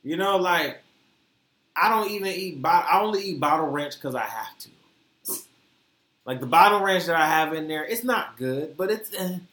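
A man's voice: a little high, lively intonation, moderate pace, pauses often, pushed and bright, echoey room. A man with a Detroit accent tinged by a Southern twang, co-hosting a casual adult chat podcast, joking and slangy. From born in Florida, raised in Detroit. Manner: laid-back, joking, slangy, often laughing. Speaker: podcast co-host.

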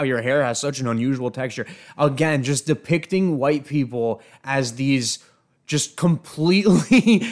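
A man hosting an opinion commentary on video clips, indignant and emphatic, often stumbling and repeating words. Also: mid-range voice. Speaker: show host.

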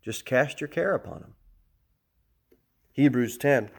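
A middle-aged man giving a sermon as pastor, animated, shifting between loud emphasis and soft, calm talk. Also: medium pitch, slow, gravelly.

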